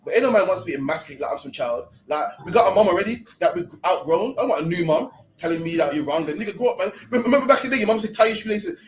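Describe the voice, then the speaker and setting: A man's voice: sits high, lively intonation, very fast, hardly any pauses, a little hiss or hum, low-quality recording. A young man leading a scripture class in a loose, blunt, slang-heavy teaching style. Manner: streetwise, blunt, peppered with slang.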